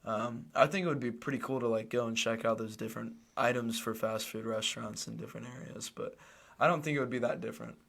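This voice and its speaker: Gravelly-voiced easygoing radio co-host man. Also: medium pitch, fast. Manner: relaxed, hesitant with fillers. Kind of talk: casual radio chat. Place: radio studio.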